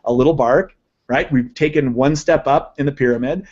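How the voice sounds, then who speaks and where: A man's voice: medium pitch, moderate pace, a little mellow, lo-fi sound. A man presenting a live online lesson on sales copywriting, enthusiastic and conversational, often checking in with his listeners. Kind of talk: live online teaching session.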